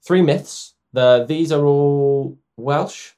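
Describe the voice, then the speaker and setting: A man's voice: a little high, extremely slow, dark tone. A man co-hosting a casual podcast, reading short myths aloud and tripping over his lines with laughter, on one mic shared in a room at the back of a house. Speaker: podcast co-host. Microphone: one microphone shared by two people.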